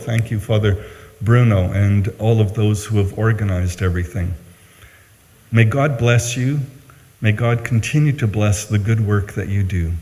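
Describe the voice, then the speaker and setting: Bishop, low and dark, solemn closing remarks in a reverberant hall. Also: male voice. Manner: solemn, blessing.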